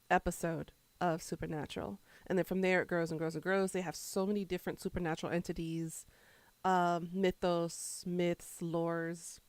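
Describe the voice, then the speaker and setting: Woman, streamer, chatty and rambling, fairly low voice, dry close sound. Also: no room sound. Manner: chatty, rambling, answers chat while eating. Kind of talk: casual chat with stream viewers.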